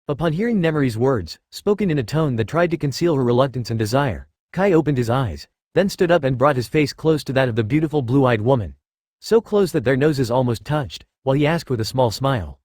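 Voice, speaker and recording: A man reads a web novel aloud in a steady, even audiobook narration at a middle pitch. The sound is dry and close, with no room echo. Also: a little fast. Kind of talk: scripted narration.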